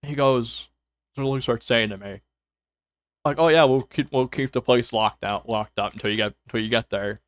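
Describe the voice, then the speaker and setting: Speaking at normal speed with no echo, a young man in a mid-range voice rambles to his viewers while streaming from home. He fills his talk with fillers and quoted self-talk. The dull lo-fi microphone also catches some faint music.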